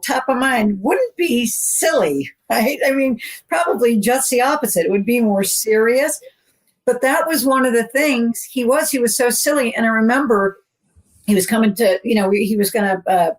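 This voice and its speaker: A woman co-hosting a podcast, telling a story in a rambling, animated way and acting out the dialogue. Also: fairly high pitch, low-quality recording. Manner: rambling, animated, acts out quoted dialogue, many fillers. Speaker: podcast co-host. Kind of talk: casual storytelling.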